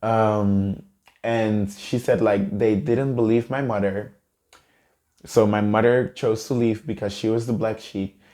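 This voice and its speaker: Earnest man with a low, mellow voice. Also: steady tone, measured pace. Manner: earnest, emotional retelling. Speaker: vlogger. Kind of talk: personal storytelling to camera.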